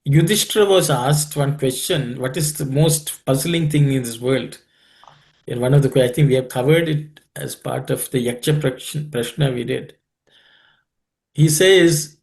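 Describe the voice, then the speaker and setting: A man leading a scripture study group on a video call, explaining and telling stories in an unhurried, thoughtful way with many pauses. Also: medium pitch, vocal fry, darkish tone.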